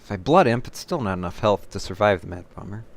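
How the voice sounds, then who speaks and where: A man giving live commentary on his own card game, thinking his moves through aloud and getting excited or laughing at his own mistakes at his home computer. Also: fairly low pitch, fast talker. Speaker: gameplay commentator.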